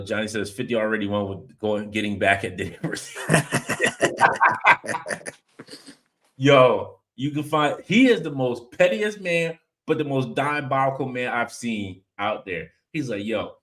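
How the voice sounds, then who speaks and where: A man hosts a casual podcast, telling stories full of "I was like" and reading viewer comments out loud as an animated storyteller. His voice sits on the low side, and he speaks slowly with frequent pauses.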